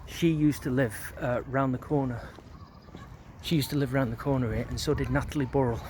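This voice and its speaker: A man's voice: medium pitch, fairly even intonation, brisk, a little mellow, a little hiss or hum. A middle-aged man walks around an outdoor neighbourhood. He reminisces in a loose, rambling way, full of filler words and casual swearing. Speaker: vlogger.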